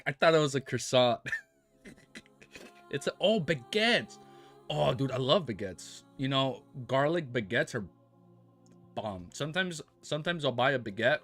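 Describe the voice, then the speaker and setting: Speaking to his live-stream viewers in a casual, joking way, an American man laughs often and slips into mock-French phrases. He has a medium-pitched voice with a fairly bright tone.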